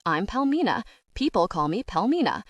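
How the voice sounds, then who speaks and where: Lady putting on an italian accent, slow villain-ish purr, teasing young woman. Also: medium pitch, big pitch swings, dry recording, dull audio.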